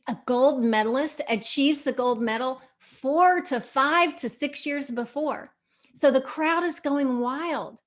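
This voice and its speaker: A middle-aged woman hosting a podcast, coaching listeners through a motivational visualization and repeating her phrases for emphasis. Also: on the high side. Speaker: podcast host.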